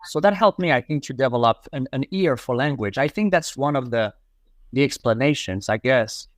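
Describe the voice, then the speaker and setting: A man's voice: mid-range voice, lively intonation, normal speed, no room sound, studio quality. A man, a language educator answering interview questions in a reflective way, repeating key phrases for emphasis. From Morocco. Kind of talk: casual interview conversation.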